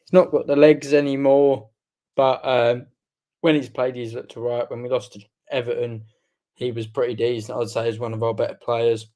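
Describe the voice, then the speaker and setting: A man co-hosting a casual football fan chat, measured and plain-spoken, giving his verdicts in short sentences. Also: medium pitch, flat delivery, dark tone. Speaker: fan channel co-host.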